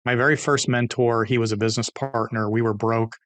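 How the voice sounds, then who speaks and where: A middle-aged man, a guest on an interview podcast, telling stories in an energetic, animated way and acting out the dialogue. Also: medium pitch, a little fast, no room sound. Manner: energetic, animated storyteller who acts out dialogue. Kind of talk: interview storytelling.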